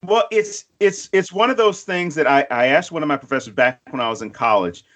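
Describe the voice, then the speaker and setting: Guy cohosting a podcast, swears a lot, animated, does little voices for quotes. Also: on the high side, a little fast, hardly any pauses. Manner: profane, animated storytelling; acts out quotes in other voices. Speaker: podcast co-host. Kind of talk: casual chat.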